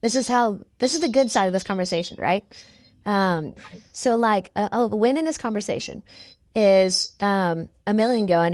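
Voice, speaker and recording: A woman's voice: medium pitch, moderate pace, darkish tone, dry recording, studio quality. A woman in a casual discussion who talks in a rambling, uncertain way with many fillers.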